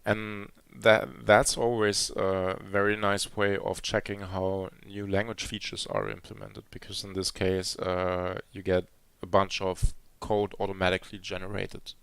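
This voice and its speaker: A man's voice: lowish voice, level tone, measured pace, creaky, few pauses, a bit bright, clear, resonant tone, no room sound. A man giving a live coding demo at a conference, talking hesitantly with many fillers and restarts. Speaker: conference speaker. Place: conference hall.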